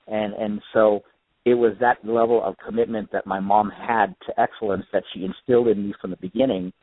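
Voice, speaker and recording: A man's voice: on the low side, fairly even intonation, a little fast, dry recording. A man from California telling his life story earnestly as a radio guest. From California, United States. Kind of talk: personal life story in an interview. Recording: tinny phone line, dry.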